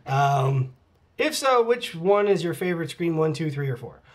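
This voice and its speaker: A middle-aged man casually answering fan questions in a vlog, candid and relaxed, with mock-dramatic asides and casual swearing. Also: fairly high pitch, normal speed. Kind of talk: casual chat, reading out comments.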